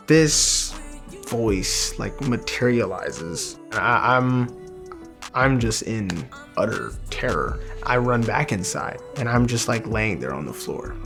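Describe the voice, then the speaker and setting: A young man gives a personal faith testimony, earnest and halting, circling back to restart his sentences. His voice is gravelly at mid pitch. Soft music plays faintly behind him. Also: lively intonation. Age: young adult. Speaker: testimony speaker.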